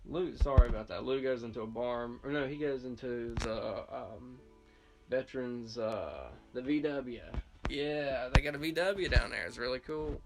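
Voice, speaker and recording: Gravelly-voiced man rambling through a review. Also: medium pitch, a bit bright, rough recording. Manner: rambling, many fillers and self-corrections. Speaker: film and TV reviewer. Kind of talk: casual spoken episode review.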